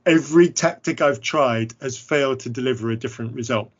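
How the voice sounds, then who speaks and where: An English man hosts a relaxed conversation, speaking candidly and with dry, self-deprecating humour. His pitch is ordinary for a man. The audio is somewhat muffled and lo-fi. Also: brisk. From England. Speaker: podcast host. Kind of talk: casual conversation.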